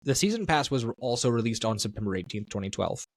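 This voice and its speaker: A man talks through his opinions on a casual podcast, rambling and self-correcting as he goes. His voice sits at an ordinary pitch and is recorded close and dry. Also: sing-song, fast, dry recording. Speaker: podcast co-host.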